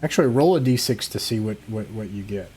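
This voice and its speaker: A man running an online tabletop game as game master, narrating hesitantly with many pauses and fillers over a computer mic. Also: fairly low pitch, expressive, warm tone, faint music behind. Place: home, online session. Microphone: computer mic on a video call.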